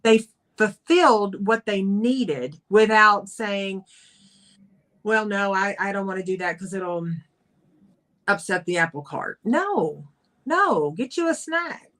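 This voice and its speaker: A woman co-hosting a talk show, speaking calmly and in a measured way, slowing down as she closes the show. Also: mid-range voice. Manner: calm, measured, slows down to close. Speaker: co-host and coach. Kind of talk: reflective talk-show chat.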